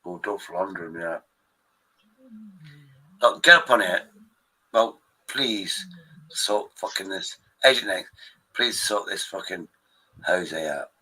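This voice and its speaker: A man hosts a live stream in loose, rambling chat. His voice is very bright and sits a little low, and he swears freely and trips over his own restarts. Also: lively intonation, takes it slowly, long pauses, slightly rough, low-quality recording. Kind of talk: rambling casual chat with viewers.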